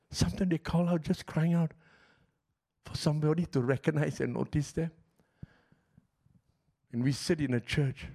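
A middle-aged man preaching a sermon as pastor, telling stories passionately and swinging from loud outbursts to hushed, quiet lines. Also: medium pitch, vocal fry, breathy edge.

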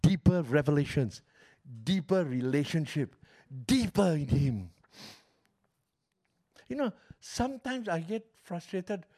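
Pastor, middle-aged man, fairly high voice, passionate sermon delivery. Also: lively intonation, slow pace, long pauses. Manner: passionate storytelling preacher, swings from loud to hushed.

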